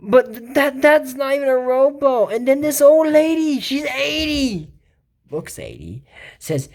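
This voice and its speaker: A woman's voice: high-pitched, big pitch swings, unhurried, a little mellow. A woman giving a casual reaction commentary on a cartoon episode, rambling and sarcastic, with mocking asides.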